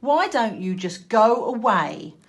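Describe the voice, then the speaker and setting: Bratty storybook ducklings, loud and sneering, put on by a woman. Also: medium pitch, very animated, very slow, pitched above the performer's own voice. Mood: taunting. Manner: loud, taunting. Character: mean, noisy little ducklings. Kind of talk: storybook reading aloud.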